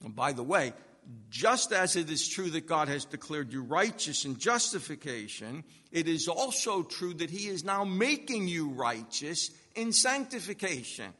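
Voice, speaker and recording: Bright, slow-preaching man in a reverberant hall. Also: fairly high pitch, big pitch swings. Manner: slow, emphatic preaching with long pauses and swells in loudness. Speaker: pastor. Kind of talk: sermon.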